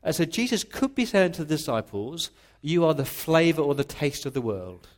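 A man's voice: fairly high pitch, big pitch swings, normal speed. A male pastor preaching a sermon in an earnest, emphatic way, often restarting words.

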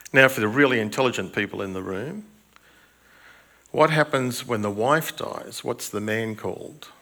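An older pastor in a church hall gives a chatty, self-deprecating sermon and asks the children questions. His voice sits on the low side and comes out pushed and bright.

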